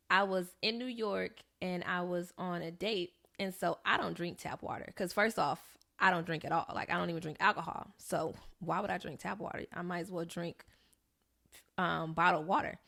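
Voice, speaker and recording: Animated young woman telling a story, gravelly. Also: on the low side, brisk. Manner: animated storyteller, acts out quoted voices. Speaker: podcast co-host. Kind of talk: casual storytelling chat.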